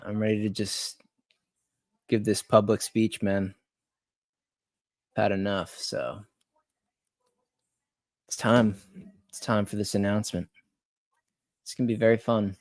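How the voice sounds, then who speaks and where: A man's voice: on the low side, dry recording, clean studio sound. A young man ranting on a late-night live stream about sports betting, swearing and repeating himself as he vents. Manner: agitated, swearing, repeats words.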